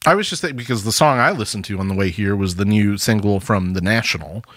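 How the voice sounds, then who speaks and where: A man's voice: lowish voice, fast, fairly bright tone, no room sound. A man co-hosting a casual podcast, chatting with dry, sarcastic quips. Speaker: podcast co-host. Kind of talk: casual chat.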